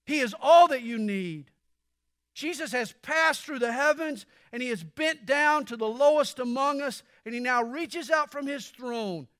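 High-voiced, bright, emphatic preacher man. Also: measured pace, no echo, clean studio sound. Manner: emphatic preaching that swells to near-shouts; talks straight to the congregation with questions. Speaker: pastor. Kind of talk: sermon.

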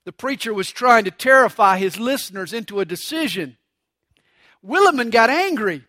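A man's voice: very high-pitched, lively intonation, normal speed, bright, forceful tone, no room sound, clean studio sound. A man preaching a sermon, mixing stories and jokes with acted voices for quotes. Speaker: pastor.

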